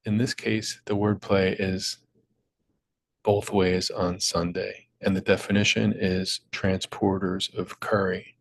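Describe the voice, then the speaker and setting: A man's voice: low-pitched, little pitch movement, slow pace, creaky, no room sound, rough recording. A young man patiently explaining crossword clues in a tutorial, with small slips and restarts. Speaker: crossword puzzle maker and teacher. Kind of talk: screen-recorded tutorial walkthrough.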